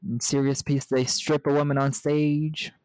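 Another American co-host of the casual movie podcast has a fairly high but darkish voice, level in tone and moderate in pace. Rambling through the recap, he cracks jokes and laughs a lot, with no echo on the recording.

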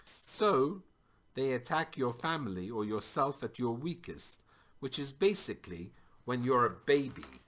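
A man's voice: medium pitch, big pitch swings, measured pace, a bit bright, voice pushed up. A man doing a carefree, unhinged stranger. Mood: explaining.

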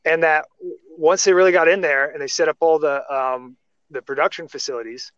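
A man's voice: on the high side, steady tone, fairly quick, a bit bright, no room sound. A man talking casually in a podcast chat, rambling through restarts and tangents. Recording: dry, muffled lo-fi sound.

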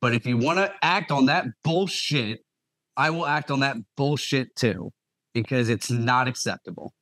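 A young man telling a story with lots of swearing and lively energy. His voice sits in a mid pitch and sounds dry and close to the mic, with no room around it. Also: moderate pace, no echo. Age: young adult. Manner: profane, animated storytelling. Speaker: podcast co-host and nurse. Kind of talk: casual storytelling.

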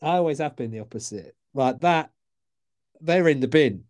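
Relaxed male podcast co-host. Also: on the high side, moderate pace. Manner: relaxed, chipping in with short reactions. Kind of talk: casual chat.

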